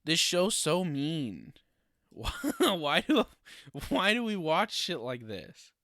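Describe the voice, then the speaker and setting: A man's voice: on the high side, sing-song, slow pace, pushed and bright, no room sound, clean studio sound. A young man hosting a casual solo podcast, ranting with sarcasm and swearing and laughing often. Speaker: podcast host.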